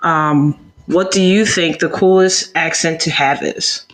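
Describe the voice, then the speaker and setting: A man's voice: a little high, steady tone, unhurried, a bit bright. Joking man co-hosting a couple's podcast. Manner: joking, teasing, laughs easily. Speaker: podcast co-host. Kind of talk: casual couple's podcast chat.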